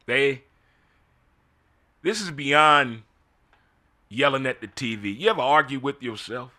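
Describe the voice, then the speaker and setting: A man's voice: fairly high pitch, bright, forceful tone. A middle-aged man hosting a casual solo commentary, full of incredulous rhetorical questions. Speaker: host.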